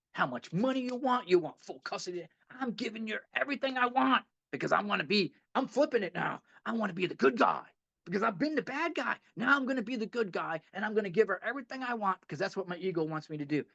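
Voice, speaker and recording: A man's voice: high voice, gravelly, fairly bright tone, dull audio. A man giving a heartfelt, rambling talk at a recovery meeting, often repeating himself and laughing a little.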